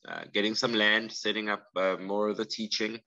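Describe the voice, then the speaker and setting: A man's voice: fairly low pitch, little pitch movement, moderate pace, bright, forceful tone, no echo, lo-fi sound. A man with a South African accent, a guest on a video-call interview, talking casually and self-deprecatingly with many fillers. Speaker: knifemaker guest.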